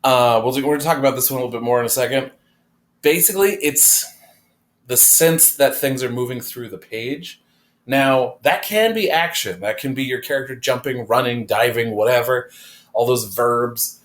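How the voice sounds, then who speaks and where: A man's voice: medium pitch, normal speed. A man teaching an art class, explaining design principles in a casual, conversational way with fillers, recorded in a classroom. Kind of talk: classroom lecture.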